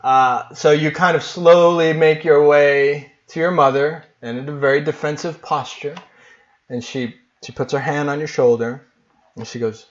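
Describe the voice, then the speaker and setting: A man's voice: a little high, fairly even intonation, unhurried, lo-fi sound. A man narrating as game master of a tabletop game, in a casual, hesitant way with many fillers.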